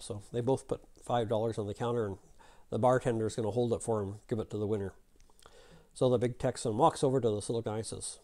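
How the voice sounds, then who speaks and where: A man's voice: medium pitch, fast talker, vocal fry, warm tone. A man hosting his own video channel, telling stories and jokes in a folksy, chatty, rambling way. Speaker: YouTube channel host. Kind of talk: casual storytelling and joke telling to camera.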